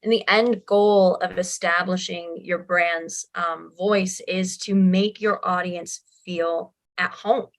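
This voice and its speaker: A woman's voice: on the low side, steady tone, slow, few pauses. A woman who is a writer and a guest on an interview podcast, explaining her points earnestly and with emphasis. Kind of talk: casual interview chat.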